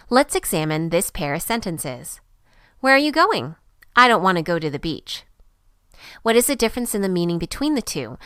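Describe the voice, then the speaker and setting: Female narrator for a scripted lesson, animated intonation, dry booth sound. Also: medium pitch, dry recording. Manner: clear, even teaching delivery.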